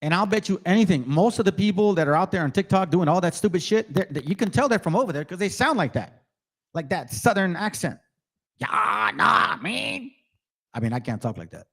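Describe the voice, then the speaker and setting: A man's voice: high voice, lively intonation, fast talker. A man hosting his own channel, delivering combative religious commentary, mocking and confronting viewers directly and reading passages aloud between remarks. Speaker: channel host.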